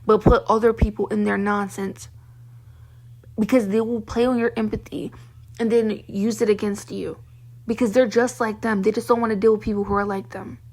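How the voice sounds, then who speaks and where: Husky young woman ranting. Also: medium pitch, level tone, normal speed, a little mellow. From Baltimore, Maryland. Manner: heated, profane, venting. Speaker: vlogger. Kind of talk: ranting monologue to camera.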